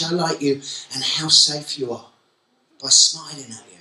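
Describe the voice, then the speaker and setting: A man giving a conference keynote talk, lively and joking, quizzing the audience directly. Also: a little high, a little slow. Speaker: keynote speaker. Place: conference hall at a college. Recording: echoey hall from far off.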